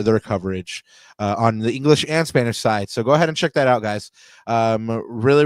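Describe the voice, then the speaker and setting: A man's voice: lowish voice, darkish tone, clear, resonant tone, no echo. A man co-hosting a soccer podcast, talking casually and rambling with lots of fillers and restarts. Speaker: podcast co-host. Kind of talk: casual sports podcast chat.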